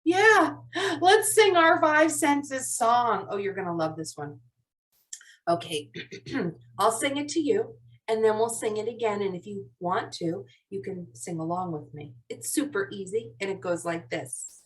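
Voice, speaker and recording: A woman's voice: mid-range voice, moderate pace. A woman teacher leading a live online lesson for young children, in a cheerful, sing-song classroom voice over a video call mic. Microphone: video call computer mic. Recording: voice somewhat distant from mic.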